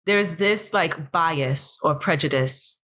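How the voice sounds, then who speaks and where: A woman from the United States co-hosting a podcast, talking things through in a thoughtful, earnest way that grows animated when she makes a point. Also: deep voice, slow pace. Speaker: podcast co-host. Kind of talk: casual podcast discussion.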